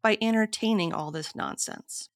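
A woman co-hosting a podcast, reading out researched history to her co-hosts in a steady, measured way. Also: medium pitch, no room sound, clean studio sound. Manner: steady, measured storytelling with frequent short agreements. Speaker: podcast co-host.

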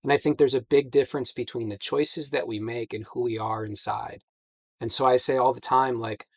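A man in his forties talks candidly as a podcast guest, pausing on fillers as he reflects. His voice is a little husky and sits at an ordinary pitch. The sound is dry and close. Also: no room sound. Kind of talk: candid conversation.

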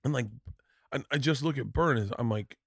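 A man hosting a casual podcast, his voice sitting at an ordinary middle pitch. He tells a story in a rambling, emotional way, stumbling and restarting as he goes and swearing freely. The room sound is dry and close. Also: vocal fry, slightly rough, no echo. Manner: halting, many restarts. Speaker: podcast host. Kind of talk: casual chat.

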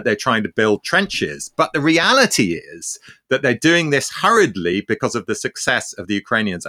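Guy with a low but bright punchy voice, co-hosting, answering listener questions calmly. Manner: measured, explanatory. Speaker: podcast co-host, commentator. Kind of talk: analytical podcast commentary.

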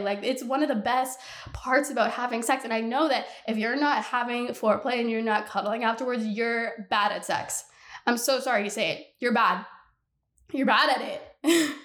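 A woman's voice: on the high side, a bit bright, roomy sound. Ranting young woman podcast host. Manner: candid, ranting, exasperated, swears freely. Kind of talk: casual solo podcast rant.

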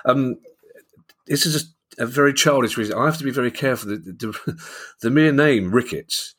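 A man's voice: mid-range voice, normal speed, a bit bright. A man with a London accent co-hosting a football finance podcast, chatting casually and telling jokey stories. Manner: jokey, anecdotal. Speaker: podcast co-host. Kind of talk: casual chat.

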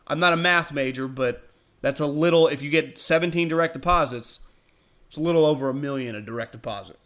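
A man hosting a casual sports talk show, talking in an animated way and breaking into loud, excited bursts. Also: fairly high pitch, a little fast. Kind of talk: casual sports radio chat.

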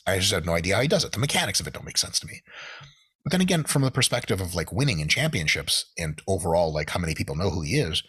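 A man's voice: deep voice, a bit bright, slightly rough. A man in casual podcast chat, ranting animatedly with plenty of swearing. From United States. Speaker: podcast guest.

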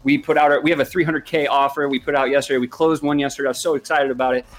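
A man sharing his business story as a podcast guest, energetic and rambling, full of fillers. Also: mid-range voice, racing, soft background music. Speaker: guest entrepreneur.

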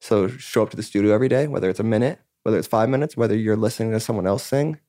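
A man's voice: on the low side, rapid-fire, warm tone, dry recording, clean studio sound, lightly acted. A man retelling the words of an older woman chemo patient, blunt and encouraging, in his own casual voice. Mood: urging. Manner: blunt, pushy questions.

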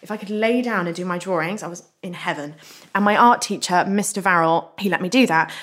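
A young woman, a guest in a casual interview, telling stories frankly, animated and swearing freely. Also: on the low side, fairly quick. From England.

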